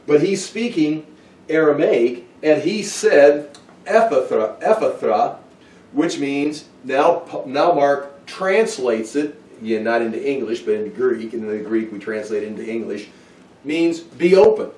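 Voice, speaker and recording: A man's voice: mid-range voice, measured pace, darkish tone. A man teaching a Bible study who thinks aloud with restarts and asides. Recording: roomy, from far off the mic.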